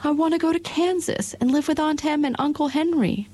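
Woman voicing a little girl, high childlike voice, earnest, storybook character. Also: fairly quick, mellow, no room sound, lightly acted. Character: little girl, eager and homesick.

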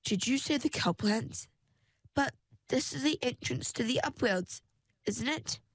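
Flustered young mermaid, raised and shrill, begs politely, as a woman reader puts her on. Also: expressive, unhurried, slightly rough, no echo, heavily acted. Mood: pleading. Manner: high, shrill and pleading. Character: anxious young mermaid girl, pleading and flustered. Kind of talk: storybook narration.

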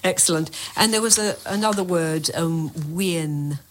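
A woman's voice: on the low side, measured pace, a little hiss or hum. A woman interviewing a guest, asking questions and giving short encouraging replies.

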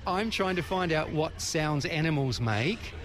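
An enthusiastic New man quizzes small children on a kids' radio show, his voice bouncing through a wide melodic range. He talks warmly and encouragingly, cheering on every answer. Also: fairly high pitch, lively intonation, measured pace. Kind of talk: cheerful kids' vox-pop interview.

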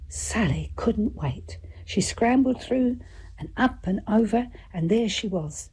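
A woman reading a children's story aloud in a gentle, lively way, giving the characters their own voices. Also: on the high side, slow pace, a little hiss or hum.

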